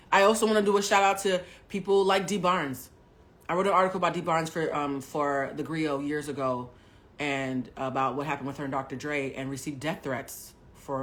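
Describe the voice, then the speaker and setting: A woman host and journalist speaking candidly on a livestream, emphatic and outspoken, swearing freely and talking straight to her viewers. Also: deep voice.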